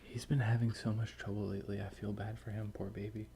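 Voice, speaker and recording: A man chatting on a stream, talking softly and half whispering so as not to wake his babies. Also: lowish voice, flat delivery, fast, a little hiss or hum. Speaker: co-developer and parent. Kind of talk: casual chat.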